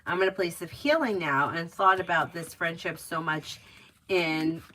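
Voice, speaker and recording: A woman's voice: fairly low pitch, fairly even intonation, normal speed, bright, forceful tone, slight background noise. A middle-aged woman chatting casually at home on a livestream, laughing easily and telling stories before giving tarot readings. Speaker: tarot reader. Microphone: phone or webcam stream.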